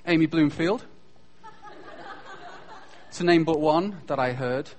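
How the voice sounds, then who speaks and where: British male school speaker, high-ish voice, jokey and self-mocking chapel talk. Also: slow pace. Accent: British English. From Britain. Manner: joking, self-deprecating, lively storyteller. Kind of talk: humorous chapel talk to students.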